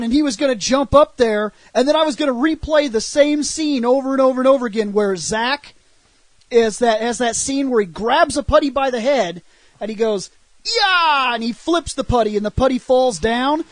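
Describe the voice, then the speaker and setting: A man hosting a casual podcast chat, telling stories with energy, swearing and acting out shouted lines. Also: very high-pitched, fairly quick, dry recording. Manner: animated storyteller, shouts acted-out lines, laughs and swears. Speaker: show host.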